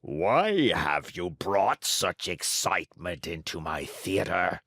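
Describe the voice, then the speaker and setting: A man putting on a gruff ogre of a showman. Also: deep voice, big pitch swings, slow, fairly bright tone, no room sound, studio quality, voice pushed down, heavily acted. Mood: stern. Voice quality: ogre's voice with a cold. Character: huge fearsome male puppet-theater director, gruff.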